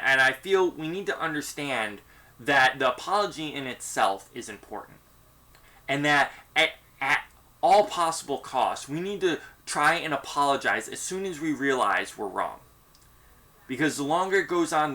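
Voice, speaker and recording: A man's voice: medium pitch, sharp tone. A man, a pastor leading a church discussion group, giving an earnest, conversational teaching talk and acting out sample apologies. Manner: earnest, conversational, acts out sample apologies, frequent "you know".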